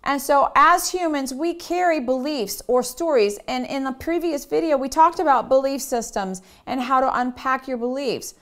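A woman's voice: high-pitched, moderate pace, few pauses, a bit bright. A woman in her thirties, a wellness coach, giving a candid self-help lesson and telling personal stories with acted-out quotes. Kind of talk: motivational self-help talk.

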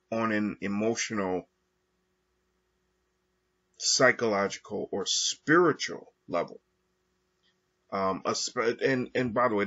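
A man talking through his thoughts alone in a slow, halting monologue with frequent pauses and fillers. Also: fairly low pitch, vocal fry, a bit bright, slightly rough. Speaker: podcast host. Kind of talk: reflective monologue. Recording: dull lo-fi recording.

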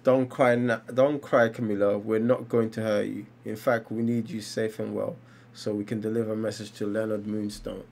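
A man reading as a quietly menacing villain. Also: on the low side, level tone, moderate pace, vocal fry.

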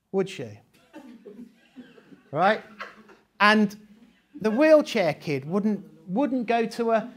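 A man leading a live training session for teachers, talking conversationally with rhetorical questions and frequent laughs. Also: high voice.

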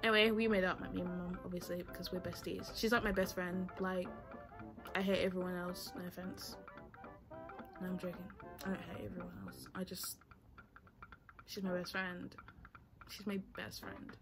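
Seorang perempuan muda beraksen bercerita santai dan bertele-tele, sering lupa arah ceritanya, dengan musik pelan di latar belakang. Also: female voice, fairly low pitch, little pitch movement, normal speed, long pauses, music in the background. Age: young adult. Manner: chatty, rambling, loses track, sings to herself. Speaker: vlogger. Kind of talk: casual storytime chat.

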